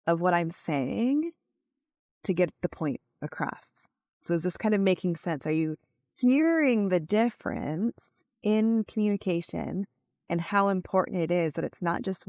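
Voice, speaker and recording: Low-voiced woman coaching podcast host. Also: a little mellow, no room sound, clean studio sound. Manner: coaching tone, asks listeners to check understanding; uses many "like" fillers. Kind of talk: solo podcast teaching.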